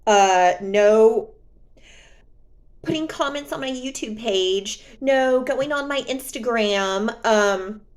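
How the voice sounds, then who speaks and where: A woman vlogger talking straight to camera in a sassy, indignant, emphatic way. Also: fairly high pitch. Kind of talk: candid vlog monologue.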